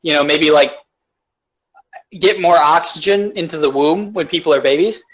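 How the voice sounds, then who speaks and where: A man's voice: a little high, normal speed, rough recording. A man co-hosting a podcast in casual, rambling chat. He swears and laughs often. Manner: rambling, profane, laughs a lot. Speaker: podcast co-host.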